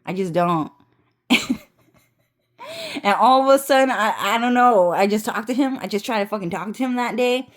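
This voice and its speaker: A woman's voice: mid-range voice, normal speed, long pauses. A woman talking straight to her viewers in a loose storytime vlog. She rambles, swears freely and keeps breaking into laughter. She often stumbles and restarts her sentences as she goes. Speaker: vlogger.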